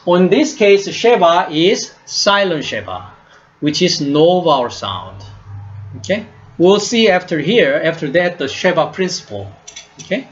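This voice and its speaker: A man teaches a class at a deliberate, unhurried pace. His voice sits fairly high and swings up and down a lot as he repeats words for his students. The recording sounds dull and lo-fi. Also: sing-song. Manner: slow, repeats words and asks "right?" often. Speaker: Hebrew teacher. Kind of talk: classroom lesson.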